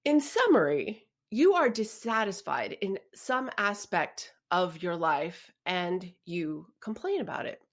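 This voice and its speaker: A woman co-hosting a podcast, chatting casually and telling stories in an expressive way, often laughing. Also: on the low side, slow, hardly any pauses. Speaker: podcast co-host. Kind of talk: casual chat.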